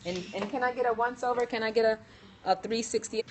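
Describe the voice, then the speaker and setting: A woman's voice: a little high, fairly even intonation, quick pace, a little hiss or hum. A woman hosting a casual live stream from a hair salon, chatty and laughing often, her voice worn as she loses it. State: losing her voice. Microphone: phone.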